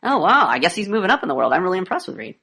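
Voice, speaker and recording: A woman fires off sarcastic, deadpan questions in a mock interview. Her voice sits low and she talks very quickly, barely pausing between jabs. The tone is pushy and provocative throughout. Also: vocal fry, slightly rough.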